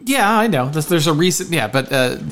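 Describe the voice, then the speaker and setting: A man co-hosting a podcast in casual chat, rambling and halting with many restarts. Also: a little high, animated, fairly bright tone, a little hiss or hum. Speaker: podcast co-host.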